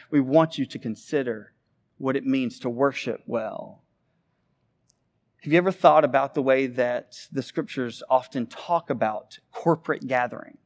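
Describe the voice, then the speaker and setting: A man preaching a sermon, animated, with big swings between loud emphasis and quiet asides. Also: mid-range voice. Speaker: pastor.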